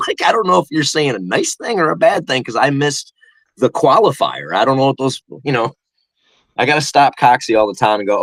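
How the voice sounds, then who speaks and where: A man's voice: mid-range voice, sing-song, brisk, fairly bright tone, dry recording. A man chatting casually on a live stream, rambling and laughing often. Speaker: guest co-host.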